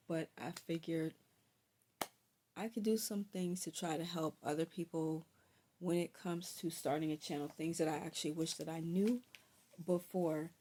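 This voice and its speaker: A young woman vlogger talking casually to camera, giving tips in a chatty, relaxed way with frequent ums. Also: sits low, measured pace, slight background noise.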